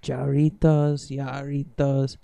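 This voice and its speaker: Goofy young man with a mellow, gravelly voice. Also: medium pitch, monotone, takes it slowly, no room sound. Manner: joking, goofy wordplay, laughs often. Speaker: podcast co-host. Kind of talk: casual chat.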